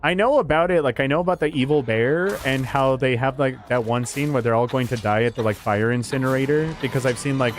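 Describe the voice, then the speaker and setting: A man's voice: medium pitch, fairly quick, few pauses. A man streaming a horror game, chatting casually with viewers, swearing and laughing often and jumping into silly voices. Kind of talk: casual gaming stream chat.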